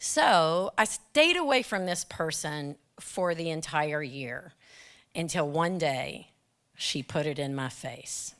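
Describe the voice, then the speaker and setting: A woman, a teacher, telling a personal story to an audience with dramatic pauses. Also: low-pitched, expressive, a bit bright.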